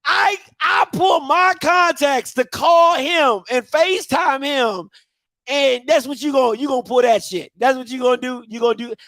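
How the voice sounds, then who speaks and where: Animated high-voiced male show host. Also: noisy background. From Maryland. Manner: animated, excitable, slangy, loud bursts of outrage. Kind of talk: casual storytelling monologue.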